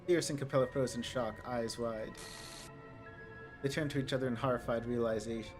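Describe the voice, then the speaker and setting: A man playing a visual novel, reading its narration and dialogue aloud with quick asides of his own. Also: medium pitch, fairly even intonation, over music. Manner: reads dialogue lines and narration plainly, with asides. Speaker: game streamer.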